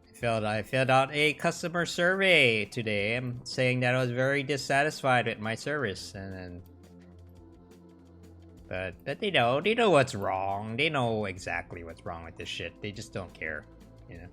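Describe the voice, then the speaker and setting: A man's voice: medium pitch, animated, moderate pace, pushed and bright, faint music behind. A man hosting a casual livestream, rambling with many restarts, swearing and mocking in sarcastic quotes. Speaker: livestream host.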